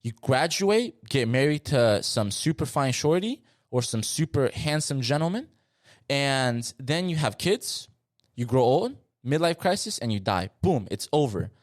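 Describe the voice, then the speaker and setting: A young man from South Florida hosting a solo podcast, talking in an animated, slangy and emphatic way with frequent asides. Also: medium pitch, unhurried, no room sound, clean studio sound. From South Florida, USA. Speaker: podcast host.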